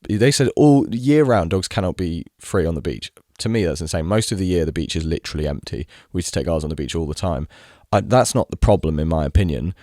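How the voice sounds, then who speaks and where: A young man rants to camera in a low, deep voice, exasperated and swearing freely. He mimics other people mockingly as he vents. The sound is dry and close, with no room echo. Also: expressive, fast, hardly any pauses, a little mellow. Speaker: video creator. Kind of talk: casual ranting monologue.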